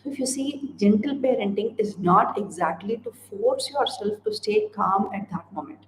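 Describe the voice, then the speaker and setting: A woman parenting coach speaks earnestly into the camera, pitched at an ordinary middle height. She addresses parents directly and stacks up repeated phrases one after another. Her voice rings in a roomy space with a faint hiss of noise behind it. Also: animated, moderate pace. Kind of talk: direct-to-camera advice talk.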